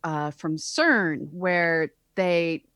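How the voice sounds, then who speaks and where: Woman, science podcast co-host, low-ish voice, wry sarcastic asides, dry close sound. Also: drawn-out words, fairly bright tone, no echo. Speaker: co-host, astronomer. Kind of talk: casual science podcast chat.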